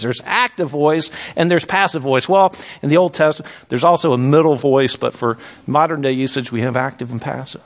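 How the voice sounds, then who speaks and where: A man's voice: a little high, fairly bright tone. A man preaching a sermon, conversational and emphatic, reading scripture aloud between remarks.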